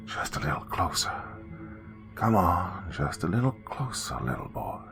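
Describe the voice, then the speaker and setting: A cruel cave monster, as a man puts him on, hisses like a choking snake in a slow, hushed, half-whispered drawl. The voice sits very low and dark, and faint music plays behind it. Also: big pitch swings. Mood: menacing. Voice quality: choked, snake-like hiss. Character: hissing cave monster, male, cruel and menacing.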